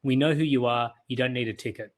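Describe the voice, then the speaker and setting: A man's voice: medium pitch, steady tone, fast, lightly acted. An Australian man voicing a flustered young male ticket inspector in a told story. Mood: reassuring.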